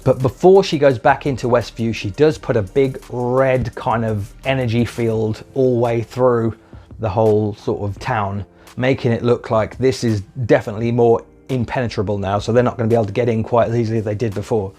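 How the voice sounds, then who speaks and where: A man talks through an episode in a loose, excited recap. He swears freely and slips into quick put-on voices for the characters. His voice sits at a middle pitch, with faint music playing under it. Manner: chatty, enthusiastic, acts out scenes in quick put-on voices; swears casually. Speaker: video reviewer. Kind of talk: casual spoken review.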